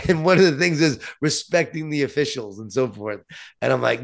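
Animated New York storyteller man. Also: mid-range voice, moderate pace, gravelly. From Long Island, New York. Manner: animated storyteller, self-deprecating. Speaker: author guest. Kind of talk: storytelling in conversation.

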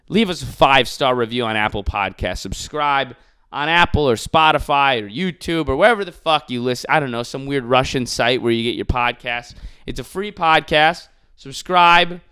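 A man's voice: mid-range voice, pushed and bright, smooth. A man hosting a podcast in casual comedic chat, ranting sarcastically with crude jokes and lots of "dude". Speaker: podcast host.

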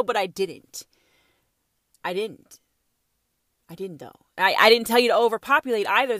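A woman delivering a profane, ranting monologue as a self-styled prophetess, swinging from loud outbursts to whispers. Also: medium pitch, no echo, studio quality.

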